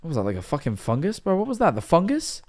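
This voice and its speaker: A man's voice: on the high side, wildly swooping pitch, fast talker, darkish tone, faint music behind. Chatty young man streaming. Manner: rambling, joking, chatty with viewers. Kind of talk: live-stream reaction chat.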